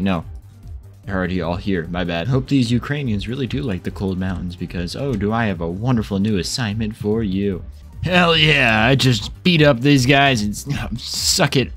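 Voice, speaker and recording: Young male gamer, lowish voice, excitable and profane, light music underneath. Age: young adult. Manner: excitable, swearing, quick mood swings. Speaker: gaming video creator. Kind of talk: casual strategy game commentary.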